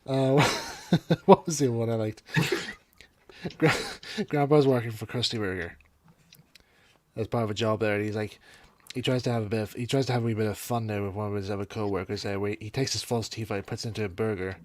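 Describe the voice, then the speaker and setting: A man chatting casually as co-host, retelling cartoon scenes with lively impressions. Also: lowish voice, fairly quick, no room sound. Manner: animated storytelling with voice impressions. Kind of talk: casual chat.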